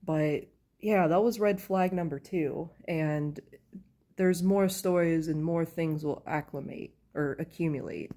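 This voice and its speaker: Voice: medium pitch, measured pace, mellow. Sleepy storyteller at home, rambling and casual, heavy on fillers. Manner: rambling, with many fillers like "like" and "you know". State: tired, just woken up. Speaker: storyteller sharing a personal story. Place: at home, in pajamas.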